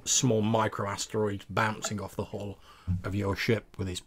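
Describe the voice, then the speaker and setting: A man's voice: lowish voice, flat delivery, moderate pace, fairly bright tone, a little hiss or hum. A man narrating as game master of a tabletop game, describing scenes with loose fillers.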